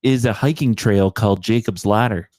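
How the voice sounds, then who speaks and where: A man co-hosting a casual chat, telling stories in a rambling, animated way. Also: lowish voice, normal speed, dry recording, studio quality. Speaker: co-host.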